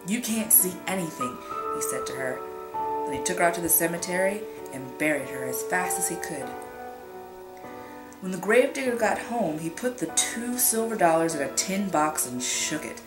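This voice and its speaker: A woman reading a scary story aloud in a suspenseful, drawn-out way, whispering the sound effects. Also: low-pitched. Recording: echoey room with music behind.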